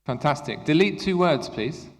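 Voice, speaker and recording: A man presenting an interactive workshop for English teachers, upbeat and encouraging as he gives quick instructions. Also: on the high side, animated. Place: conference room at a university. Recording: echoey hall with long reverb.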